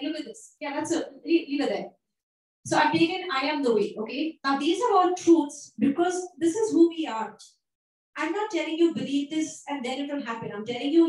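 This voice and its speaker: A woman preaching a sermon, emphatic, repeating phrases and asking her listeners questions. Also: high voice. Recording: echoey room, voice from a distance.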